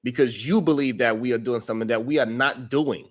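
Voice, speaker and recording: A man's voice: mid-range voice, fairly quick. A man hosting a live-stream panel, speaking bluntly and scolding a guest. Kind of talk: heated live-stream debate.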